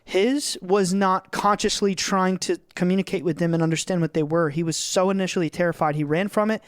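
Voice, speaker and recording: A man's voice: high voice, fairly quick, smooth, no echo, clean studio sound. A man in his twenties, a podcast guest, telling stories earnestly and with energy in casual chat. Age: 20s. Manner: earnest, animated storytelling with restarts.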